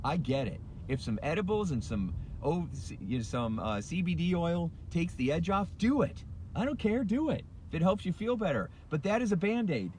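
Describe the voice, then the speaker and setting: Very animated and a little mellow, this man's higher-leaning voice moves at normal speed, with a bit of hiss or hum. He's a middle-aged life coach and hypnotist, sitting in his car at a red light, passionately ranting to motivate and driving his points home through repetition.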